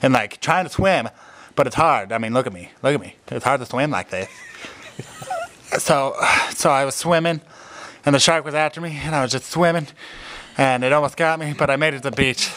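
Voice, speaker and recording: A man playing a goofy, excitable comedy character who tells stories with shrieks and sighs. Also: mid-range voice, fairly quick, close to an everyday voice. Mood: excited.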